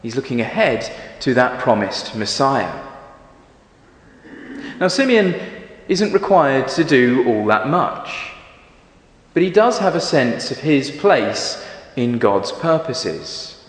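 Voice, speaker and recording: A man preaching a sermon in a church, speaking in an expressive, measured storytelling manner. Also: medium pitch. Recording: echoey church with long reverb.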